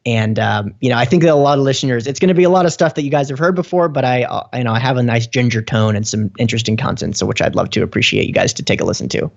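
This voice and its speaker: A man's voice: medium pitch, rapid-fire, creaky, hardly any pauses, lo-fi sound. A man speaking as a real estate investor guest on a podcast, explaining at length with fillers. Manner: talks in long explanatory runs with fillers. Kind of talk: casual interview chat.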